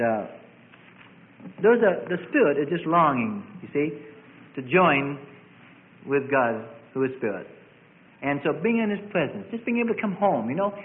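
A man preaching a sermon, building to emphatic peaks and dropping to soft, conversational asides. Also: fairly high pitch. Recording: tinny phone-like recording.

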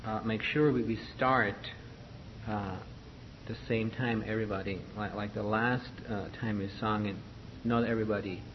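A man coaches a choir through rehearsal in a patient, instructive way, often pausing mid-phrase to find his words. The recording is dull and lo-fi, with a faint hiss underneath. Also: on the low side, steady tone. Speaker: choir director.

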